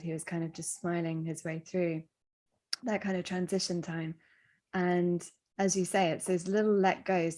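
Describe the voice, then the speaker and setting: A woman in a reflective podcast conversation, telling a story in a gentle, thoughtful, measured way. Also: on the low side.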